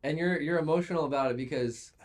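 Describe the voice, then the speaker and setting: A man's voice: a little high, fast talker. A man hosting a podcast, asking short questions and adding brief encouraging reactions. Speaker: podcast host. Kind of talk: casual interview.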